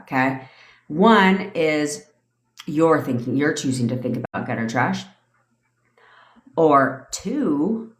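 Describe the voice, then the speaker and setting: A middle-aged woman who is a manifestation coach, talking in a blunt, profane, casual livestream rant. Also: sits low. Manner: blunt and profane, with lots of swearing. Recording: echoey room.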